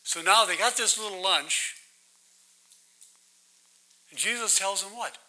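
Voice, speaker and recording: A man's voice: high voice, a little slow, sharp tone, poor audio. A man leading a Bible study, preaching in a conversational way that keeps asking the listeners questions and checking in with "right?". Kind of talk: interactive sermon with questions to the audience.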